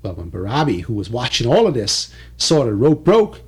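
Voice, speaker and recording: Male oral storyteller; dialect, rhythmic repetition, very animated. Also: mid-range voice, normal speed, slightly rough. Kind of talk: oral folk-tale telling.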